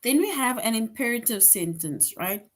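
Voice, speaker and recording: A woman teaching a grade-school grammar lesson online. She explains patiently, keeps checking in with "right?", and slows down to stress example sentences. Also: a little high, animated. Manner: explains patiently, tag question "right?" after most points; reads example sentences slowly with emphasis.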